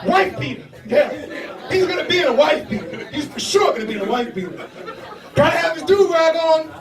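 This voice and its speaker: Fairly quick and lively in tone, a young man with an extremely high-pitched voice performs loose, profane stand-up on a comedy club stage while chuckling at his own jokes. Captured from a distance in the echoey room, there's audience noise plus crowd laughter and reactions.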